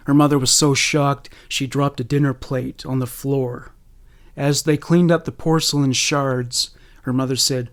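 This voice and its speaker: A man giving scripted narration in a measured, serious way. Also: medium pitch, steady tone.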